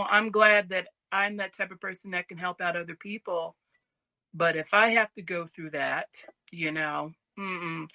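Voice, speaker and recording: A woman co-hosting a relaxed podcast conversation, telling stories with lots of energy. Her voice is bright and forceful, and she slips into the voices of the people she's quoting. The sound is dry and close, with no room around it. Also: medium pitch, no room sound. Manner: animated, acts out quoted voices, laughs easily. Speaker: podcast co-host. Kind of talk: casual chat, storytelling.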